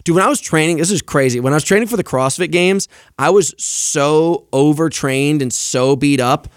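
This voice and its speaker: A young man tells stories on a podcast, his voice sitting a little high. He's animated, swears freely and acts out what everyone said. The sound is dry and close. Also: moderate pace, no room sound. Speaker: podcast guest. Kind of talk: casual storytelling chat.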